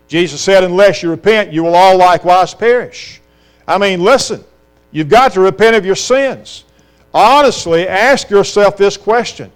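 A steady mains hum underlies the recording of a middle-aged South Carolina pastor preaching with passion and rapid-fire rhetorical questions. His high voice has a clean tone and comes across resonant.

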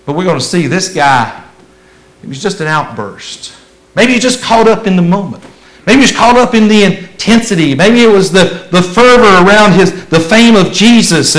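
Folksy preaching man, higher-pitched. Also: low-quality recording. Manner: dramatic swings between loud emphasis and hushed asides; folksy, conversational preaching with rhetorical questions. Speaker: pastor. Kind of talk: sermon.

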